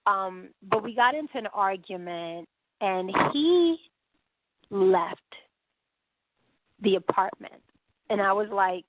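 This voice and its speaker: Over dry, phone-like audio on a tinny line, a new woman from New York tells a story as a podcast guest. Her pitch is medium, and her conversational storytelling is animated, packed with fillers and quoted dialogue.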